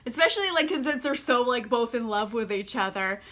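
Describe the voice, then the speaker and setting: A woman's voice: on the high side, animated, a little fast, sharp tone, a little hiss or hum. A young woman vlogging about a book over wine, in a chatty, sarcastic manner full of "like". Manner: chatty and sarcastic, heavy use of "like"; drinking wine while talking. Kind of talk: casual chat.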